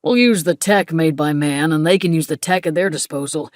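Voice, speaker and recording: A woman's voice: deep voice, fairly quick, dry recording, clean studio sound, close to an everyday voice. A woman voicing a polite, smug middle-aged man with an American accent, speaking in an easygoing, dismissive way.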